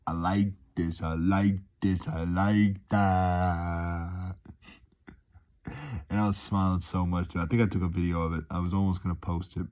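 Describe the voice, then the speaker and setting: A vlogger with a low, mellow voice talks casually to his viewers. His monologue to camera rambles, playful and enthusiastic, and he chuckles as he goes.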